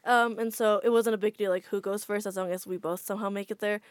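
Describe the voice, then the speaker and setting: A woman talks casually on a podcast and packs her story with "like" fillers. Her voice sits in a middle pitch. The sound is close and dry. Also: steady tone, fast, dry recording. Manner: chatty, frequent "like" fillers. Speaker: podcast guest.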